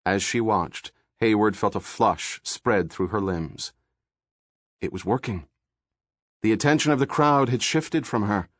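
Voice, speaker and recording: A man reading a thriller audiobook in steady, measured narration, recorded on a studio microphone. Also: fairly low pitch, no echo.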